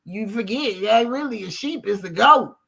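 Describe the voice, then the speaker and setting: Woman host from Colorado, emphatic preacher cadence, sharp and forceful tone. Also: medium pitch, lively intonation, moderate pace, creaky, husky. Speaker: livestream host. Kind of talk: heated livestream talk.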